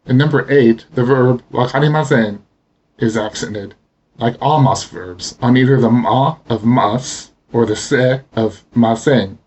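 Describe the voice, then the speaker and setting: A man teaching pronunciation in a steady, explanatory narration. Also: mid-range voice, measured pace, slightly rough. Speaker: language teacher. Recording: dull lo-fi voice recording.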